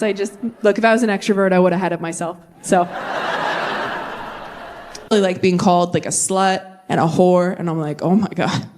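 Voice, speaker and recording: Young woman stand-up comic, wry, animated, mid-pitched voice that squeaks up for punchlines, faint hiss on stage mic. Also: fairly quick. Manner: wry, animated delivery with sudden high-pitched bursts. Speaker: stand-up comedian. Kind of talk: stand-up comedy set. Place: comedy stage before a live audience.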